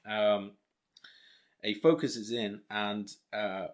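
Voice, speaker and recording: Talking slowly in a steady, low-ish voice, this young podcast co-host gives a rambling recap of an episode. The chat is casual, sprinkled with jokes at his own expense and frequent ums.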